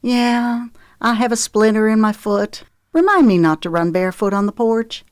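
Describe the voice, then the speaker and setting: A woman's voice: a little high, normal speed, clear, resonant tone, no echo, clean studio sound, pitched above the performer's own voice, lightly acted. A woman voicing a flustered young mother. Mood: sheepish.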